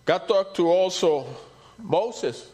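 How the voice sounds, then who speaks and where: Guy preaching, chatty, lots of "you know", goes quiet then punches points up, kinda high voice. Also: lively intonation, slow. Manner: conversational preaching with repeated "you know" and "see"; swings between soft low asides and rising emphatic points. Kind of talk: sermon.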